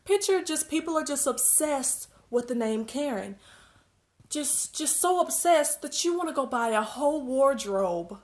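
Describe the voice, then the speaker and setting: A woman's voice: high voice, animated, measured pace, a little mellow. A young woman vlogging in a casual, rambling rant with sarcastic asides. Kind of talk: casual ranting vlog.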